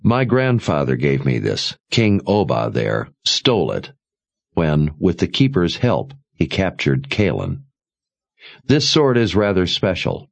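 A man's voice: low voice, sing-song, takes it slowly, creaky, exaggerated voice. A man narrating an audiobook voices a confident young lord who explains himself in an assured way. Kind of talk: audiobook character voice.

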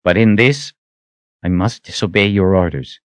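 A man's voice: low-pitched, normal speed, no echo, natural voice. A man voicing an earnest young army captain who speaks with raised, intense conviction in an audiobook. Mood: resolute.

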